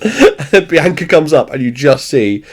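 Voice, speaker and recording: A man hosting a podcast, recapping a sitcom in animated storytelling, swearing freely, laughing often and acting out the characters. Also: a little high, normal speed, husky. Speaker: podcast host. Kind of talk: casual chat recapping a show.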